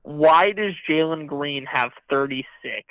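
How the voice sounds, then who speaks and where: A man's voice: fairly high pitch, takes it slowly, no room sound. A young man calling in to a sports show, tired and rambling casually with lots of fillers. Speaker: caller. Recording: tinny phone line.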